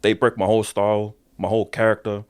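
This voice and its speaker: Kiwi guy w a lowish voice, wrestler on a podcast, super casual, lots of bro and swearing. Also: level tone, fast talker, a little mellow, clean tone. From New Zealand. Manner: loose slangy talk, swears often, says "bro". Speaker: professional wrestler, podcast guest. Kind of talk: casual interview storytelling.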